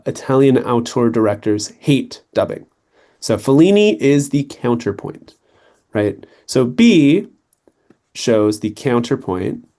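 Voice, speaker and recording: A young man explains reading test answers to a student, checking in with quick questions as he goes. His voice sits at an ordinary middle pitch, and his delivery is relaxed and conversational. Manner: conversational, checks in with "right?" and "okay". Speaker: test prep tutor.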